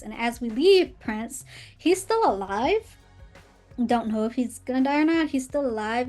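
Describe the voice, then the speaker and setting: Chatty young woman recapping a show. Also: on the high side. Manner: animated, acts out characters' lines in quotes, frequent "like". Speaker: podcast host. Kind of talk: casual commentary recapping a TV show.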